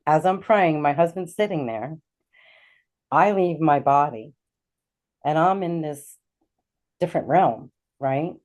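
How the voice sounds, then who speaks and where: A middle-aged woman, a guest on a talk show, telling a personal story with animated energy and acting out the lines of the people in it. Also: deep voice, slow, long pauses. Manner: animated, acts out quoted dialogue. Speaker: guest, intuitive healer.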